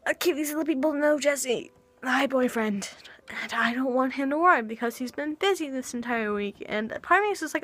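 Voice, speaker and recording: A woman's voice: high-pitched, fairly quick, a bit bright. A young woman talking hesitantly in a confessional vlog, with many restarts and sighs. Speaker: vlogger. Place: home.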